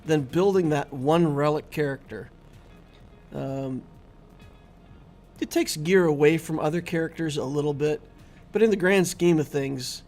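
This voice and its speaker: A middle-aged man streams on his gaming channel, chatting casually and comfortably with viewers while soft music plays. His voice is on the high side with a darkish tone, and he talks a little slowly in an easygoing way.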